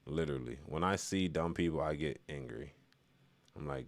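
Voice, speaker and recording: A man's voice: very deep voice, sing-song, takes it slowly, gravelly, pauses often, darkish tone, no echo. A man from Chicago doing loose, rambling live-stream commentary, reading chat and laughing at his own remarks.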